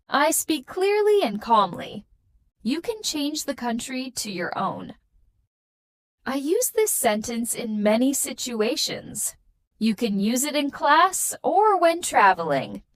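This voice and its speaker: A young woman teaching a beginner English lesson with slow, clear and encouraging delivery. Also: on the high side, no echo.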